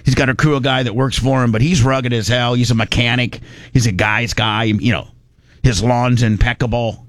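A man's voice: mid-range voice, steady tone, normal speed, dry recording. A man from Indiana telling a rambling, folksy story in casual chat, slipping into voices for the people he quotes.

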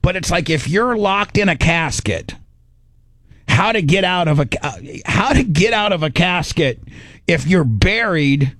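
A middle-aged man hosting a radio show, telling a rambling story in a casual, animated way on a studio microphone. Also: sits high, a little slow, no room sound. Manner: animated, rambling, acts out his own inner voice.

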